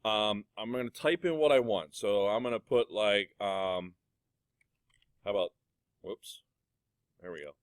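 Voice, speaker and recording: A middle-aged male music teacher walking students through software in a casual, chatty way. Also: on the low side, measured pace, pauses often, clear, resonant tone, no echo. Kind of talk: classroom software tutorial. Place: computer lab classroom.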